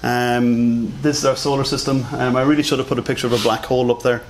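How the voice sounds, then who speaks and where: A man with an accent delivers a conference lecture in an informal, self-deprecating way, sprinkling his talk with fillers. His voice sits at an ordinary pitch, and a faint hiss runs under it. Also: flat delivery, fast. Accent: non-standard English accent. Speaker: conference speaker.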